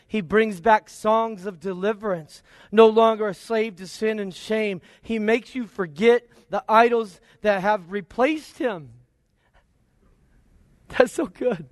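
A man preaching a sermon in a conversational, lively way, with playful asides and quoted voices. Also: sits high, takes it slowly, no echo, clean studio sound.

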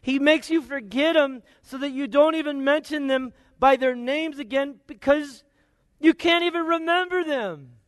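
A man preaching a sermon in a conversational, lively way, with playful asides and quoted voices. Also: very high-pitched, moderate pace, no echo, clean studio sound.

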